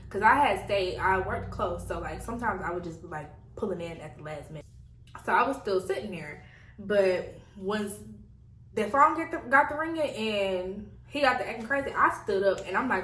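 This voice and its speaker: Lively young woman telling a storytime. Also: mid-range voice, fairly quick, reverberant, distant mic, a little hiss or hum, low-quality recording. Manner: animated, laughing often, addresses viewers as y'all. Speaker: vlogger. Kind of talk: casual storytime.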